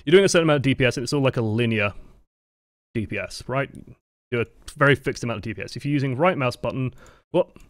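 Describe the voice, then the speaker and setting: A man's voice: mid-range voice, lively intonation, fast, no room sound, studio quality. A man coaching a video game live, explaining mechanics step by step in a chatty, self-correcting way.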